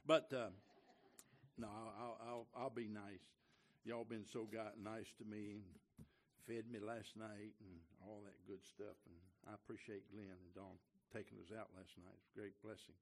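A man preaching a sermon as a visiting preacher in a church, folksy and joking, swinging from quiet asides to loud, emphatic lines. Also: on the low side, level tone, normal speed. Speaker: guest preacher. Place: church sanctuary.

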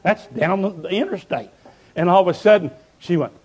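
A man preaching a revival sermon, telling stories fervently and building up to shouts. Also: high voice, animated, a little fast, breathy edge.

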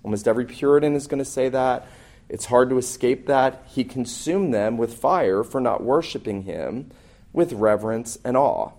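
A man's voice: medium pitch, normal speed, a little mellow. A man preaching as a pastor, earnest and emphatic, often restarting his phrases as he builds a point. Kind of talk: sermon.

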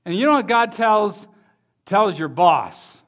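High-voiced man preaching a sermon. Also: big pitch swings, slow pace, a bit bright. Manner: preaching with rising emphasis and quotes from scripture; addresses children in the congregation. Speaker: pastor.

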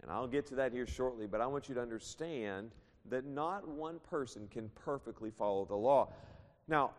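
A man's voice: mid-range voice, normal speed. A man preaching a sermon, reading scripture aloud and explaining it, at times raising his voice. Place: church sanctuary. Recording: long hall reverb.

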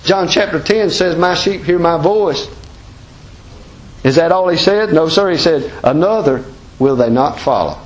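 A man's voice: fairly high pitch, unhurried, poor audio. A man with a Southern American accent preaching a sermon as pastor, folksy and emphatic, full of rhetorical questions.

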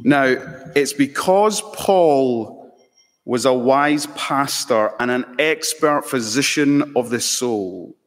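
A man preaching a sermon as pastor, slow and emphatic, building to fervent peaks. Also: mid-range voice. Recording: long hall reverb.

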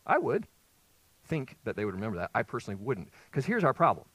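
Male pastor, lively conversational sermon, dry close sound, very expressive pitch. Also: fast, breathy edge, no echo, rough recording. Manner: lively, conversational preaching with rhetorical questions. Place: church sanctuary with congregation.

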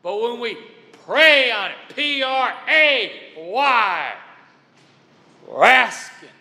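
High-pitched folksy preacher, echoey chapel. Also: male voice, big pitch swings, slow pace, vocal fry, pushed and bright. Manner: folksy, emphatic, spells words out. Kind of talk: sermon. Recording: echoey chapel with long reverb.

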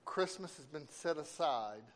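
A man preaching a sermon, slow and emphatic, with dramatic pauses between phrases. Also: fairly high pitch, lively intonation.

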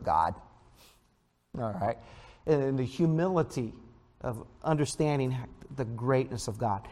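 Preaching man in a reverberant hall. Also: medium pitch. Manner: emphatic preaching, asks "all right?" often. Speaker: pastor. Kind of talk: sermon. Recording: audio with long hall reverb.

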